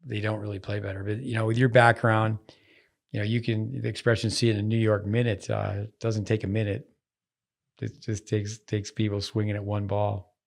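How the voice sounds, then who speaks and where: A man hosting a tennis podcast, talking in a halting way with many restarts and old sayings. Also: fairly low pitch, little pitch movement, gravelly. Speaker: podcast host. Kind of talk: casual podcast chat.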